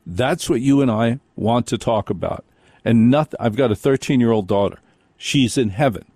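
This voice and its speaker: Chatty older radio host. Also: male voice, medium pitch, darkish tone, no echo, studio quality. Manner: folksy, rambling, mock voices for bits. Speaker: radio talk show host. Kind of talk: live radio talk, chatty monologue.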